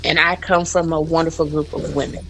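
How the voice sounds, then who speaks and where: A woman's voice: low-pitched, little pitch movement, brisk, fairly bright tone, slight background noise, rough recording. A woman in her forties, a guest in a radio studio, telling a heartfelt story about motherhood while holding back tears. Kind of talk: emotional personal story.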